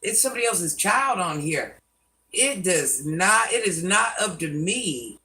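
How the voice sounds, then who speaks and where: A woman's voice: lowish voice, lively intonation, moderate pace, sharp tone, far from the mic, low-quality recording. An older woman hosting a live stream, scolding commenters by name and chatting with viewers. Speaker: livestream host.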